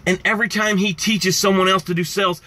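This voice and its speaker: A man speaking as a success coach, with a bright, forceful tone and a slightly high voice. He talks with passion and speaks straight to his viewers, driving his points home again and again. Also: level tone, fast. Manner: impassioned, repetitive, addresses viewers directly. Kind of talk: motivational live-stream talk.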